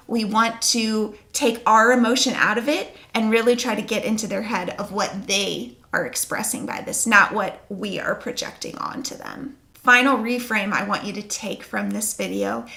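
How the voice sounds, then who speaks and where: Reassuring woman with a gravelly edge. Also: mid-range voice, normal speed, pushed and bright. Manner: earnest, reassuring, emphatic. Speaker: sleep consultant. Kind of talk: talking-head advice video.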